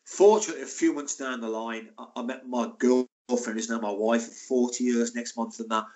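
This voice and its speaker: Older ex-footballer guest, chatty storyteller, mid-pitched voice. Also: male voice, a little fast. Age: 60s. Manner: chatty, animated, laughing anecdotes. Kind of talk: casual interview storytelling.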